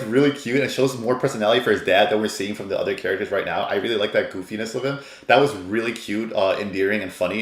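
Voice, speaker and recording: Rambling, enthusiastic man in an echoey room. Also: fairly low pitch. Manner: rambling and enthusiastic, many fillers. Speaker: anime reviewer. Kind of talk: casual episode review.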